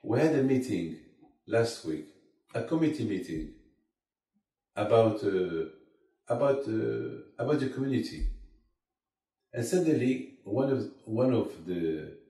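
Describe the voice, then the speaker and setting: A man's voice: medium pitch, expressive, a little slow, long pauses, warm tone. Man, rabbi, emphatic sermon, rhetorical questions, distant mic. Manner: emphatic, rhetorical questions, addresses listeners as "my friend". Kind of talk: Torah sermon. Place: community study hall. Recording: roomy, from far off the mic.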